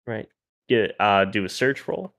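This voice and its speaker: A man narrating a tabletop role-playing game as game master, pausing and restarting as he describes each scene. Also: on the low side, lively intonation, creaky, fairly bright tone.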